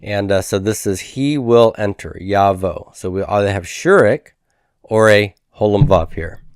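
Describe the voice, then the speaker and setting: Deep smooth-voiced male teacher. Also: animated, normal speed, no echo, studio quality. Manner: patient, explanatory, repeats and drills forms. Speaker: Biblical Hebrew teacher. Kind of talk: recorded grammar lecture.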